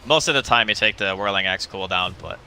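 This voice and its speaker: Male color commentator, lower voice, rapid, casual, music bed. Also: sharp tone, a little hiss or hum. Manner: quick, casual analytical talk. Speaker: esports analyst.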